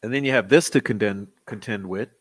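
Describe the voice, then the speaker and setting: A man's voice: lowish voice, fairly quick, slightly rough. A man hosting a true-crime commentary channel, talking in a skeptical, exasperated way. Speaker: channel host.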